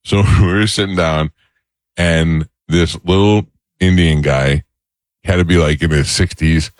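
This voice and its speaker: Deep-voiced male host telling stories. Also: unhurried, dry recording. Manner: animated storyteller, mimics people in anecdotes. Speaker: radio show host. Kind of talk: casual storytelling chat.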